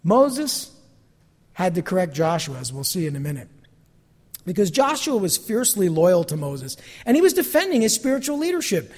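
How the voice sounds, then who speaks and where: Animated high-voiced man preaching a sermon. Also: brisk, in a large hall. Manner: animated, acts out quoted voices. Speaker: pastor.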